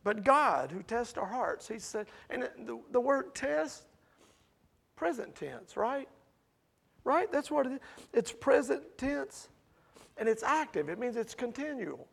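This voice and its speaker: A man teaching a Bible study in a lively preaching style. He talks to the group directly, calls them "man", and swings from loud to hushed. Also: extremely high pitch, measured pace, creaky, husky.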